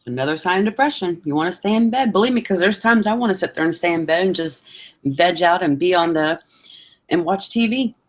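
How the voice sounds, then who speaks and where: A woman's voice: lowish voice, lively intonation, fairly quick. A young woman chatting candidly as host, often acting out what others said to her. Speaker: vlogger and host. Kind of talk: casual chat.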